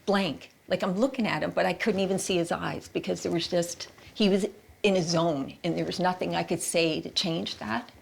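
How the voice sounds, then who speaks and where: Gravelly-voiced woman recounting a trauma. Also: on the low side, steady tone, a little hiss or hum. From Canada. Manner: halting, repeats words, quotes her own thoughts. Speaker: interviewee recounting her experience. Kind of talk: emotional interview testimony.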